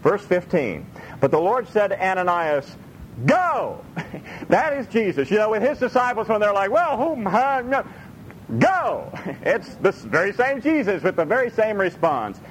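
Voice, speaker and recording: A man preaching a sermon in an animated way, acting out voices from the Bible and laughing often. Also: high voice, normal speed, a little hiss or hum, poor audio. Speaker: pastor.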